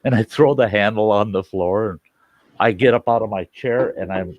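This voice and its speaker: A man casually telling a rough personal anecdote, acting out what people said. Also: mid-range voice, brisk, no echo, muffled recording. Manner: animated anecdote with acted-out quotes. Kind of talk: casual storytelling.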